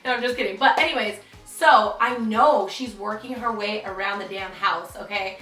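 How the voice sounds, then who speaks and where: A woman's voice: mid-range voice, moderate pace, pushed and bright. A young woman telling a dramatic story in a chatty vlog, full of "like". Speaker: vlogger. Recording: roomy, distant, faint music.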